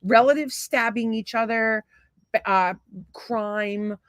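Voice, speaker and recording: A woman's voice: fairly high pitch, slow, no room sound. A woman co-hosting a casual podcast with her husband, rambling through blunt, profane stories and opinions. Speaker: podcast co-host. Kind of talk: casual crude banter.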